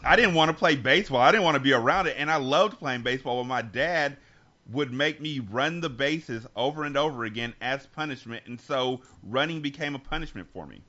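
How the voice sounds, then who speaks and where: A man co-hosting a podcast, speaking with earnest reflection and often doubling back on his words. His voice sits in a middle pitch. The recording sounds a little dull and lo-fi. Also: fairly quick, sharp tone. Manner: earnest, reflective, with many restarts. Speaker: podcast co-host. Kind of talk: candid conversational talk.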